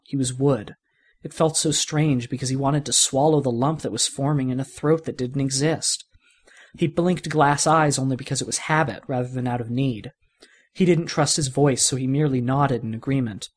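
Male storyteller reading fan fiction, expressive, medium pitch. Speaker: reader.

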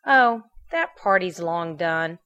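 Woman reader doing a brisk, confident teen girl, blunt, storybook audio. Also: on the low side, animated, bright, forceful tone, clean tone, lo-fi sound, full character voice. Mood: assured. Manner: brisk, assured. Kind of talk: fan fiction reading.

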